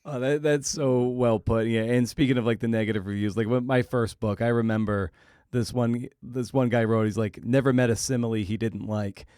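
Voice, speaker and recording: A man's voice: medium pitch, fairly even intonation, moderate pace, a little mellow, clear, resonant tone, no echo, clean studio sound. A man hosting a podcast interview, asking long, winding questions full of restarts. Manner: rambling questions with restarts, laughs along. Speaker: podcast host.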